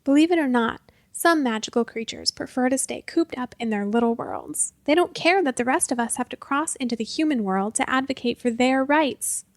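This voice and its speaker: Lady doing a hot-tempered pointy-eared magic girl, snappy and scolding, high gravelly voice. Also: dry recording. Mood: scornful. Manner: sharp-tongued, scolding, quick to yell. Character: fiery pointy-eared magical young woman.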